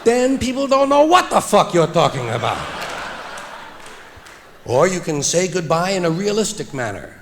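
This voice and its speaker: A man doing a stand-up comedy routine on stage, with a wry, deadpan delivery that builds to loud punchlines, recorded live for a vinyl album. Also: high voice, moderate pace, pauses often, a little hiss or hum. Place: theater stage before an audience. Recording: live vinyl recording with long hall reverb and audible audience.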